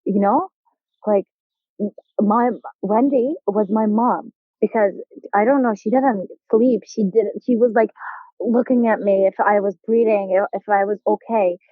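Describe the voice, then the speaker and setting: A young adult woman from Turkey with a Turkish accent, a podcast guest telling an animated story and acting out the people in it. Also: mid-range voice, a little slow, dry recording. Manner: animated, acts out quoted voices, laughs often. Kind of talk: casual interview storytelling. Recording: tinny phone-like line, dry.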